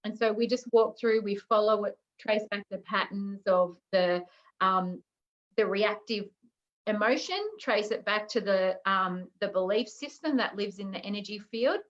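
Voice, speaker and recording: A woman's voice: mid-range voice, unhurried, lo-fi sound. A woman guest, a naturopath, explaining her healing work in a casual interview over a video call, earnest and searching for words. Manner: earnest, searching, many fillers.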